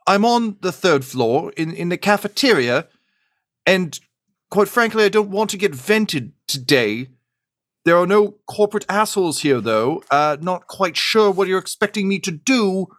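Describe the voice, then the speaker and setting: A man's voice: high-pitched, a bit bright, voice pushed up. A man voicing a panicked goblin chef who rants and swears. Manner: frantic, swearing rant. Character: panicked goblin chef, foul-mouthed and frantic.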